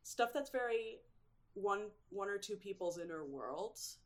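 A woman chatting as a guest in a casual interview, animated and quick to laugh, with lots of fillers. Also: medium pitch.

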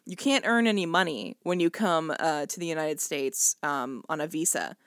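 Young woman podcast cohost, chatty and animated, lots of "like", dry mic. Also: sits low, moderate pace, no echo. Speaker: podcast co-host. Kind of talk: casual chat.

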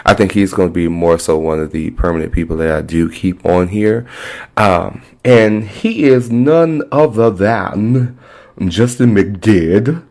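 A man's voice: lowish voice, measured pace, darkish tone. A man hosting a podcast in a casual, sassy, playful way. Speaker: podcast host.

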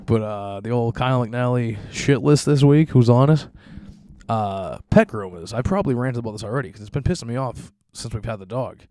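This young male podcast host, with a mid-range, darkish voice, rants fairly quickly and casually, swearing a lot and laughing through rambling complaints. The recording is dry and studio-clean.

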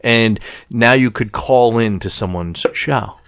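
A man's voice: mid-range voice, slow, gravelly, a bit bright, smooth, no room sound. Man thinking aloud, dry close mic. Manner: reflective, thinking aloud, repeated "right?" and "you know". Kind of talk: casual chat.

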